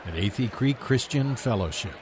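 A man's voice: mid-range voice, animated, moderate pace. Plain male announcer, faint noise behind. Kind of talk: read introduction.

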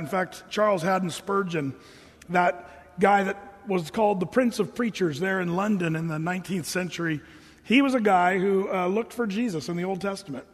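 A man preaching a sermon, telling stories casually and acting out the voices of the people in them. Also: high voice. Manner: casual, animated storytelling with voiced quotes. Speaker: pastor. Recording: reverberant hall.

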